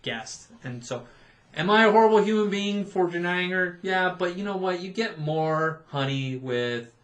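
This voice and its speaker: Bright-voiced man telling sarcastic work stories. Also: high-pitched, normal speed. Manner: animated storyteller, sarcastic quoted asides. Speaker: podcast co-host, former theme park cast member. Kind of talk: casual storytelling chat.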